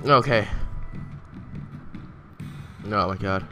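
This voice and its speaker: Man, gameplay commentator, low and bright, excitable trash talk, faint game music behind. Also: moderate pace, pauses often. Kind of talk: casual let's-play commentary.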